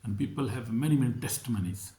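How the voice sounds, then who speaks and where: A man preaching a sermon in halting speech full of repetitions and restarts. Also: mid-range voice, mellow, reverberant, poor audio.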